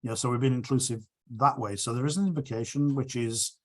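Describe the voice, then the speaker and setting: A man's voice: medium pitch, fairly even intonation. Earnest man answering club questions. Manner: earnest, agreeable, halting with restarts. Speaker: guest speaker. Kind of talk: Q&A after a talk.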